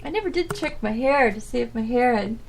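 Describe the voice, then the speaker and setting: A woman's voice: on the high side, expressive, fairly quick, creaky. A woman hosting her own podcast, chatting casually and rambling with lots of fillers and trailing thoughts. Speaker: podcast host. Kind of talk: casual solo chat.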